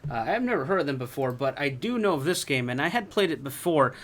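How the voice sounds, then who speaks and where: A man's voice: on the high side, big pitch swings, quick pace, fairly bright tone. A man chatting casually while reviewing an old fighting game, rambling with lots of fillers and restarts.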